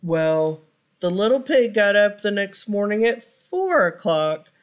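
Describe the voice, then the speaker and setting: A woman reads a children's picture book aloud for storytime. Her pace is slow and deliberate, and she stops now and then to ask her young listeners questions. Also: mid-range voice.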